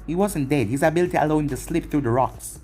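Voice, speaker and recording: A man reading a fan-made anime story as narrator, plain and unhurried. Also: a little high, a little mellow, soft background music.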